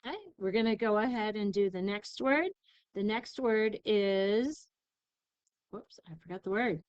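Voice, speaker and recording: Lady teacher sounding out words real slow and clear, dry mic. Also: medium pitch, dry recording, highs cut off. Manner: slow, careful enunciation of syllables. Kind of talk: recorded spelling lesson.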